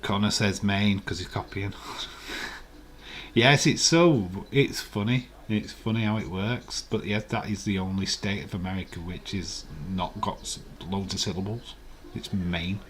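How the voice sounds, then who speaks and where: A man's voice: fairly low pitch, measured pace, a little hiss or hum. An English man hosting a live stream, chatting casually and rambling as he reads out viewers' comments and chuckles along. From England.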